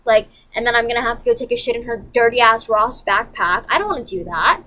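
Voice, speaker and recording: A woman vlogger telling a story in a profane, animated, emphatic rant. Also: fairly high pitch, fast talker, low-quality recording.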